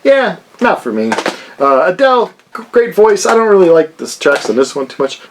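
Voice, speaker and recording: A man's voice: sits high, sing-song, moderate pace, slight background noise. A man hosting his own record-collecting channel, chatting casually and jokingly about a haul of CDs and vinyl, with lots of fillers. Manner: rambling and jokey, many fillers.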